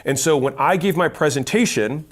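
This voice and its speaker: Quick, emphatic man with a fairly high voice, teaching sales to camera. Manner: fast-talking, punchy and emphatic. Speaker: sales educator. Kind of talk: direct-to-camera teaching talk.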